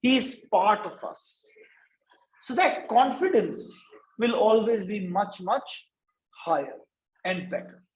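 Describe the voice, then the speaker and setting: A man's voice: sits high, lively intonation, slow pace, pauses often, reverberant, rough recording. A man from India giving a lecture at a business workshop, stopping after nearly every point to ask "right?". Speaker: workshop speaker. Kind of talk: lecture to students.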